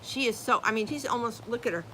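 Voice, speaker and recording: A woman's voice: a little high, fast, bright, forceful tone, a little hiss or hum, rough recording. An older woman chatting casually outdoors as a channel host, reading viewer comments aloud and spelling names out letter by letter. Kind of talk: casual live-stream chat. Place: outdoors, rain and breeze.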